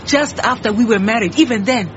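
A woman's voice: a little high, brisk, dull audio, slight background noise, close to an everyday voice. A woman playing a proud, brusque head cook. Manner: brusque, indignant. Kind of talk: radio drama acting.

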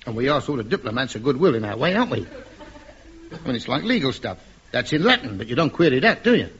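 A man's voice: medium pitch, big pitch swings, lightly acted. A man playing a wily, wheedling agent. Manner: fast-talking, wheedling, chummy. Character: wily, scheming male talent agent, smooth-talking. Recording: dull old radio recording with faint hiss.

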